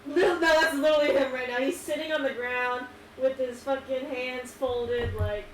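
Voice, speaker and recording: Giggly woman at a tabletop game, kinda high voice, far from the mic, echoey. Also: fairly even intonation, normal speed. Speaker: player. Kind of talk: tabletop role-play chat. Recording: distant echoey mic with noise.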